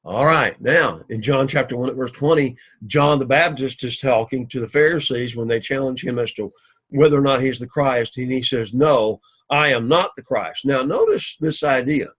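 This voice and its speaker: A man teaching an introductory Greek class, explaining grammar methodically and reading Greek phrases slowly. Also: mid-range voice, a bit bright, breathy edge. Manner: methodical, repeats "again" often, reads Greek slowly. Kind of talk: recorded classroom lecture. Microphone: camera recording of a lecture.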